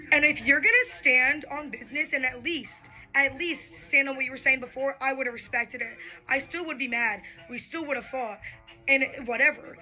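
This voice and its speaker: Bright, high-voiced young woman venting. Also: rough recording. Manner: animated, exasperated retelling with acted quotes. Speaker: bartender telling a story. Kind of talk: get-ready-with-me storytime.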